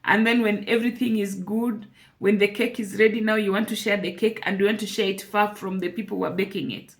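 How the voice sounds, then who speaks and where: A woman talks to camera in an emotional personal vlog, her medium-pitched voice brisk and fairly even in intonation. She's earnest and repeats phrases for emphasis.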